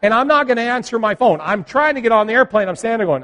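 A male pastor telling a story in a sermon, swinging between loud and hushed and joking with the congregation. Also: extremely high pitch, animated, racing. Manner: jokes with the congregation.

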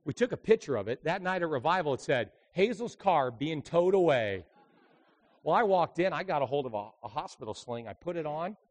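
A man, a traveling evangelist, preaching a sermon full of lively stories, dropping to quiet asides and then rising into loud, emphatic bursts. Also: a little high, quick pace, few pauses. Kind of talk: sermon with storytelling.

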